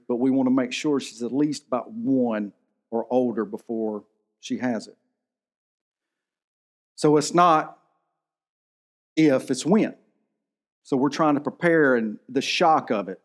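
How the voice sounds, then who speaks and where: A man in his thirties preaching a sermon in a church, telling a personal story in an earnest, emotional way. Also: mid-range voice. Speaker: pastor.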